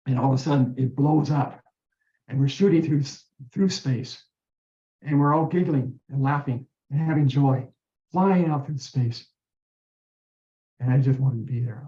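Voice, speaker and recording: A man tells his own story with earnest, animated delivery, voicing the people he quotes as he goes. His voice is mellow and dark. It sits in a roomy space and comes through a muffled, lo-fi recording. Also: mid-range voice, a little slow, pauses often. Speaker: guest telling his story. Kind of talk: personal storytelling. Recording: roomy dull-sounding recording.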